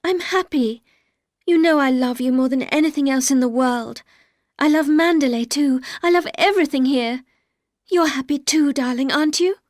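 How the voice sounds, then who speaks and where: A woman's voice: high voice, moderate pace, no echo, clean studio sound, close to an everyday voice. A woman voicing a shy, anxious young bride who speaks in an earnest, pleading way. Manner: earnest, pleading, raised and bright.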